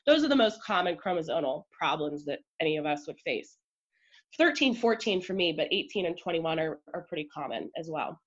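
A woman guest on a podcast, telling a personal story in an emotional, chatty way full of "like" and quick asides. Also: low voice, lively intonation, dull audio.

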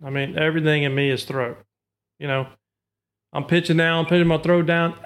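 A man's voice: fairly high pitch, fairly even intonation, normal speed, clean tone. A man from Arkansas, explaining duck call technique in a podcast with homely comparisons. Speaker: duck call maker and hunter. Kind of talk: instructional podcast talk.

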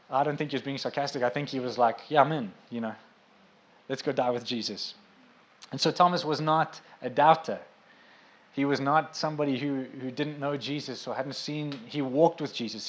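Speaking in a mid-range voice, a male preacher keeps his sermon relaxed and conversational, tossing out asides to the congregation. He grows emphatic whenever he hammers home a point.

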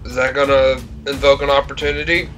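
Relaxed guy saying his turn, bright sharp tone. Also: mid-range voice, brisk, soft background music. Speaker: player. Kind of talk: casual tabletop play.

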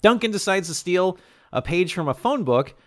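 Man, comedy podcast co-host, casual and animated, slips into character voices, dry close mic. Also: high voice, dry recording. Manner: animated, acts out characters in quick voices, profane. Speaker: podcast co-host recapping a movie.

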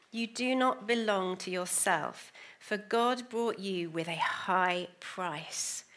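A woman preaching a sermon, moving between hushed, slow asides and lively, emphatic bursts. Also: mid-range voice.

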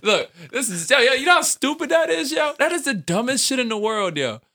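A man co-hosting a casual podcast, ranting loudly with profanity and laughing often. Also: very high voice, sing-song, brisk, creaky, dry recording, studio quality. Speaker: podcast co-host. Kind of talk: casual chat.

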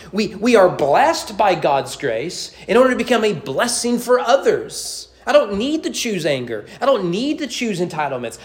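Man, pastor, animated sermon, very expressive pitch, jokes with the congregation. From United States. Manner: animated, conversational preaching with humor and rhetorical questions. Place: church sanctuary.

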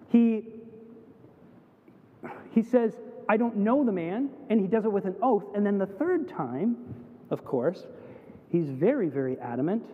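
Canadian man preaching in a tinny hall. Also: sits high. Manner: animated storytelling, acts out quoted voices. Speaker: pastor. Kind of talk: sermon. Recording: tinny phone-like sound in a reverberant hall.

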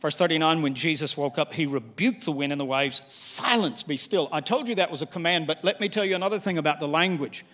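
An older man preaching a sermon as pastor, candid and animated, with humor and acted-out quotes. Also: on the high side, fast talker, hardly any pauses. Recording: long hall reverb.

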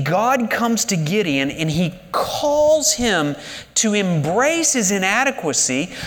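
Animated high-voiced man preaching in a hall. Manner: animated preaching with rhetorical questions. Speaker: pastor. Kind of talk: sermon.

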